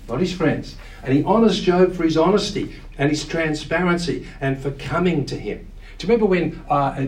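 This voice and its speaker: A man preaching with earnest emphasis, his voice standing back from the microphone in a room that echoes. He draws out quoted lines and leans hard on key words, in a middle pitch for a man. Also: darkish tone, recorded from a distance. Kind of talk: sermon.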